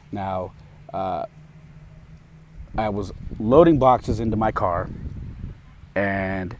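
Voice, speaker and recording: A man's voice: lowish voice, darkish tone, a little hiss or hum. A man hosting a podcast, telling a story in a casual, emphatic monologue full of fillers. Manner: emphatic, heated, with frequent fillers. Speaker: podcast host.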